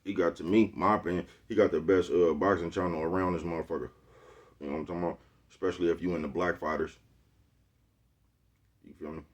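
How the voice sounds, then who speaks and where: Bay man, very low voice, loose slangy vlog rant, looping back on himself. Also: fairly even intonation, fast, long pauses, lo-fi sound. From Oakland, California. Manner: slangy, rambling, keeps asking "you know what I'm talking about". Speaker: vlogger. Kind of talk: casual monologue to camera. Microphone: phone with Bluetooth earpiece.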